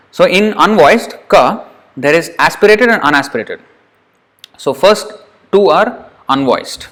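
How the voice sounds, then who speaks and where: A man's voice: a little high, lively intonation, a little slow, a bit bright. A man teaching Sanskrit pronunciation in a recorded lesson, demonstrating each syllable aloud and repeating it patiently.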